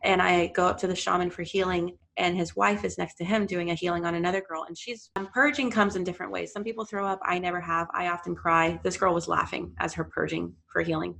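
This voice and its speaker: A woman's voice: lowish voice, little pitch movement, quick pace, creaky, hardly any pauses, fairly bright tone. A woman being interviewed as a podcast guest, reflective and earnest as she speaks candidly about a personal experience.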